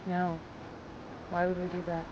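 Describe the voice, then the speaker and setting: A woman's voice: lowish voice, completely flat delivery, a little slow, natural voice. An actress playing a determined, impatient female journalist who speaks insistently. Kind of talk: film acting, naturalistic dialogue. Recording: dull sound with clear ambient noise.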